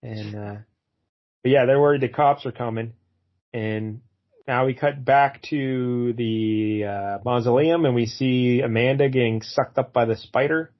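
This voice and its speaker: A man co-hosting a casual podcast, recapping a comic's plot in a relaxed, wry way. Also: medium pitch, measured pace, dull audio. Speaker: podcast co-host. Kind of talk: casual comic review chat.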